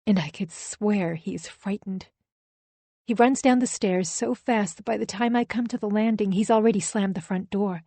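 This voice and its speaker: A woman's voice: medium pitch, moderate pace, mellow, no echo. Female audiobook narrator, first person, intense dramatic read, dry booth. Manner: dramatic, emotionally charged reading.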